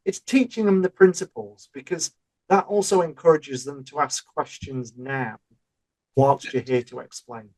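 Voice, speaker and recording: A man's voice: medium pitch, moderate pace, a little mellow, poor audio. A man co-hosting a podcast. He talks in an easy, chatty way and explains ideas through everyday examples. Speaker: podcast co-host. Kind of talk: casual chat.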